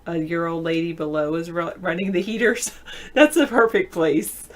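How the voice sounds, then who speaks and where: A woman's voice: fairly low pitch, normal speed. Chatty woman host reading chat comments. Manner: chatty, reads viewer comments aloud and answers them; laughs often mid-sentence. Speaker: show host. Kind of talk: casual live video-chat talk.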